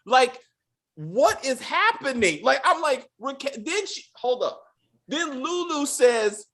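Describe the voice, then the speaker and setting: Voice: high-pitched, very animated, slow pace, fairly bright tone. Podcast host ranting about a show, swearing a lot, voice bouncing all over. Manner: profane, exasperated ranting with acted-out quotes. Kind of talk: casual TV review chat.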